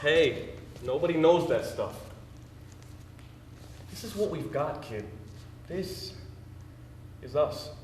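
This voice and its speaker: A man's voice: fairly high pitch, animated, slow, pauses often, slight background noise. An actor on a theater stage playing a dead husband's spirit who soothes and teases his wife in her dream. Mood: soothing. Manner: soothing, playful, wistful. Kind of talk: live stage drama. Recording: roomy stage sound from a distant mic.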